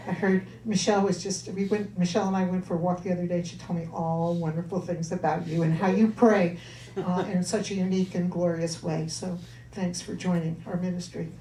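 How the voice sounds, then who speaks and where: A woman's voice: fairly low pitch, fairly even intonation, brisk, slight background noise. A woman minister giving church announcements and a sermon, chatting with the congregation. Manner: chatty, warm asides to congregation. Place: church hall. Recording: roomy hall, voice from far off.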